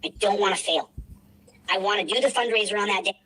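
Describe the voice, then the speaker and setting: Husky fast-talking man, rambling and emotional. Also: high voice, sharp tone, rough recording. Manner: rambling, repeats himself, emotional pleading. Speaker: livestreamer asking for a fundraiser. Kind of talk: rambling emotional livestream talk.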